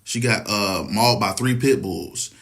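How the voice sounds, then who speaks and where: A man's voice: lowish voice, unhurried, a bit bright. A man giving a casual, rambling opinion monologue, swearing often and asking if you follow him. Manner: profane, rambling, keeps asking "you know what I'm saying".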